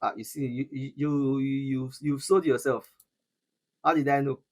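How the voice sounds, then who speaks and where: Husky Nigerian man teaching trading. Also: mid-range voice, steady tone, a little slow. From Nigeria, Edo State. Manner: repetitive, emphatic, restarts often. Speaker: forex trading mentor. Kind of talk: live trading session teaching.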